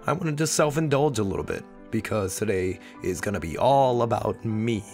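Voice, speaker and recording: Young guy with a cold, wheezy low voice, rambly self-mocking vlog chat, faint music behind. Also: animated, normal speed, darkish tone. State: sick, wheezy voice. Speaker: channel host. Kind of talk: rambling personal vlog talk.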